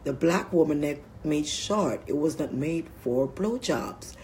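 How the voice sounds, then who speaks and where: A woman's voice: low voice, expressive, a little slow, a little mellow, a little hiss or hum. A woman vlogger talking in a rambling, crude casual monologue, often laughing mid-sentence.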